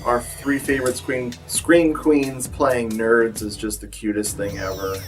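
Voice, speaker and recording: A man reviews films in a laid-back vlog, rambling with lots of fillers in a wry, self-mocking tone while sounding tired and a bit bloated. His mid-range voice is flat and a little slow, picked up somewhat far from the mic over soft background music.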